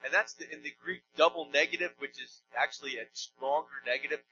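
Bright, high-voiced male pastor preaching. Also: a little fast, muffled recording, slight background noise. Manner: conversational, joking asides, emphatic storytelling. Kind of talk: sermon. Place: church.

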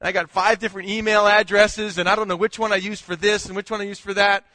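A man's voice: high-pitched, flat delivery, fast, bright, forceful tone, no room sound, long reverb tail. A man preaching a sermon in a conversational way, mixing scripture with a humorous story. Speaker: pastor.

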